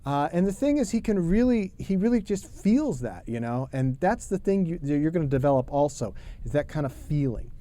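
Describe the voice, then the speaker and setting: A middle-aged man teaching a drum lesson, talking in a relaxed, chatty way and singing rhythm syllables. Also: a little high, moderate pace, hardly any pauses.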